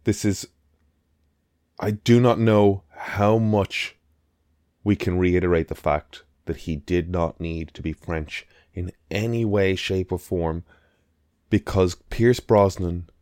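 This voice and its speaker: A man's voice: sits low, slow, long pauses, a little mellow, no echo, clean studio sound. A man co-hosting a podcast, chatting casually about a film in a rambling, emphatic way with the odd swear. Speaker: podcast co-host. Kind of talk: casual film review chat.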